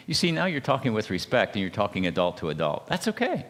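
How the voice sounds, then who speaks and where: A man with a fairly low voice leads a church marriage seminar. He talks haltingly, restarting his words and often checking in with "okay?". His voice rings out with a long reverb in a church hall. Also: huge pitch swings, fairly bright tone.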